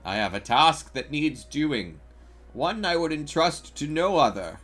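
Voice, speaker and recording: A man voicing a stern, commanding female admiral in a formal, measured way, reading game dialogue aloud. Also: on the high side, big pitch swings, a bit bright, faint music behind, exaggerated voice.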